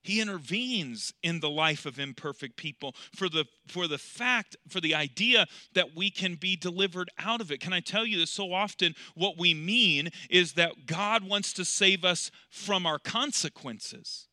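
A man preaching an evening sermon in a repetitive cadence with rhetorical questions. He swings between loud, emphatic peaks and hushed, intimate passages. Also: sits high, expressive, unhurried, hardly any pauses, dry recording, clean studio sound.

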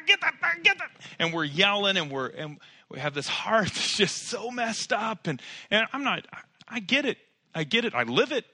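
A male pastor preaching a sermon in church, building to loud emphatic peaks and dropping to quiet, personal asides. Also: a little high, no echo, clean studio sound. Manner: preaching with swelling, emphatic rises and soft drops.

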